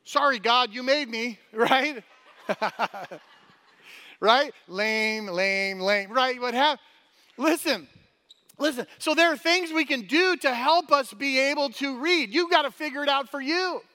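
High-voiced energetic pastor in a reverberant hall. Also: male voice, slow pace. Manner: energetic, chatty, repeats "right?" often, stumbles and restarts. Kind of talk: sermon. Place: church hall.

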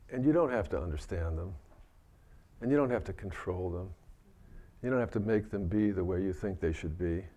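A man giving a Buddhist dharma talk, gentle and reflective, often restarting his sentences. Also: on the low side. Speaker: Buddhist teacher.

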